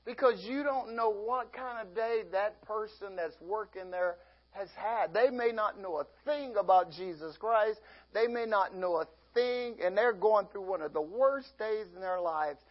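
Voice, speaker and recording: Male pastor mid-sermon, high husky voice, folksy, laughs often, acts out little scenes. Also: unhurried, lo-fi sound.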